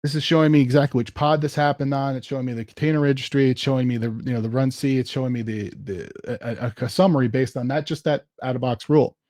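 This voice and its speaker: A man giving a casual live software demo at a tech meetup, thinking aloud as he types commands. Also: medium pitch, steady tone, fast talker, few pauses, no echo, studio quality.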